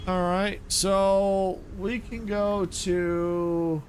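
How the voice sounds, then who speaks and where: A man streaming a video game live, thinking aloud in a casual, excitable way. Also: high-pitched, extremely slow, faint music behind. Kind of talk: live gameplay commentary.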